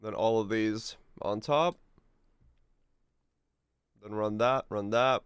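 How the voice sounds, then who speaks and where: A man's voice: on the low side, takes it slowly, smooth, no room sound. A man streaming a game, chatting casually and humming to himself, his voice a little off today. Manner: relaxed, hums to himself, chuckles. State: voice a bit off today. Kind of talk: casual gameplay commentary.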